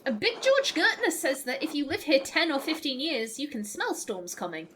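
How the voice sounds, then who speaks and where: Teasing monk with a wry tone, a woman reading him in a high voice for a game. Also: very animated, normal speed, a bit bright, a little hiss or hum. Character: joking male monk, teasing and cheeky.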